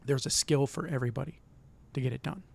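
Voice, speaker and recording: A man's voice: mid-range voice, fast, gravelly. A middle-aged man from Michigan hosting his own vlog, giving an earnest, encouraging motivational talk and often repeating himself. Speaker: vlog host.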